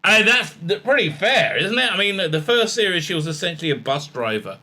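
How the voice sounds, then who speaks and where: A man talks through a rambling, sarcastic commentary, reading bits of articles aloud and stopping often on fillers and restarts. His voice is fairly high and bright, with a sharp, forceful edge. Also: sing-song, brisk. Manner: sarcastic, mocking, often puts on silly gushing voices; many fillers and restarts, reads out article passages. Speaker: commentary channel host. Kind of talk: casual ranting commentary.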